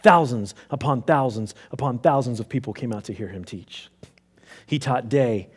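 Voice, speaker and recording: A man preaching in a church, telling a story in the first person with theatrical swings from hushed whispers to loud cries. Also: mid-range voice, moderate pace, husky. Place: church sanctuary.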